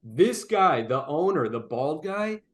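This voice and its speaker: Animated profane young man telling a story. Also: fairly high pitch, slow pace. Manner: animated, profane, frequent "like" fillers. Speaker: podcast co-host. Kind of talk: casual storytelling chat.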